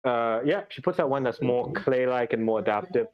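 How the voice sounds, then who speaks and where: Male game master, rambling and filler-heavy, mid pitch, dull lo-fi stream audio. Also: normal speed. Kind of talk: narrating a tabletop game.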